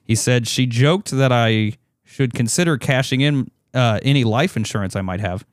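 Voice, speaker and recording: A man's voice: mid-range voice, normal speed, no echo, studio quality. A man co-hosting a podcast, reading out odd news headlines in a joking, offhand way with plenty of fillers and restarts. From not British. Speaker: podcast co-host.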